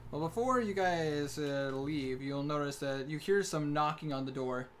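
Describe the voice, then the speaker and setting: Rambling game master from Minnesota. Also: male voice, fairly high pitch, normal speed, slight background noise. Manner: rambling, filler-heavy, joking narration. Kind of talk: narrating a tabletop game over voice chat.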